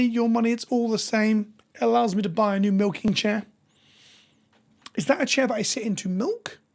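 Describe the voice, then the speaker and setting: Hoarse woman streamer. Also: mid-range voice, darkish tone. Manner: chatty, reads viewer names and jokes with chat. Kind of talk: casual live stream chat.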